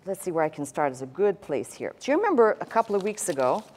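A woman's voice: fairly low pitch, big pitch swings, quick pace, darkish tone. A woman pastor teaching a sermon in a conversational way, with asides and dry humor, demonstrating points with a pen on a tablet.

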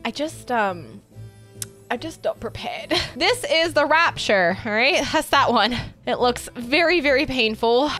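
A young woman streaming a game while eating hot sauces, excitable, often squealing and laughing. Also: on the high side, measured pace, soft background music. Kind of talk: gaming hot sauce challenge.

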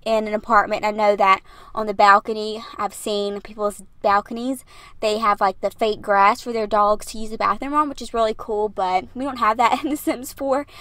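A woman's voice: medium pitch, fairly even intonation, moderate pace, fairly bright tone, no echo. A young woman, chatting breathlessly in a rambling, laughing voiceover, recorded in her parked car. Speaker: YouTuber narrating a build video. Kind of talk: casual voiceover.

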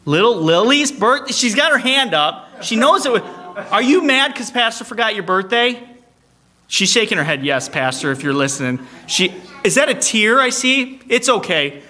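High, bright-voiced church song leader man. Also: expressive. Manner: playful, teasing, quick joking asides. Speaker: song leader and service host. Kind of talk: leading church service announcements. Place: church sanctuary, streamed online.

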